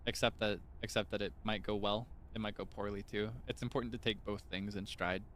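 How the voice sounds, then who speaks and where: A man's voice: fairly low pitch, fairly even intonation, fairly quick, a bit bright, a little hiss or hum. A young man streaming, chatting casually in a rambling, self-correcting way with frequent chuckles.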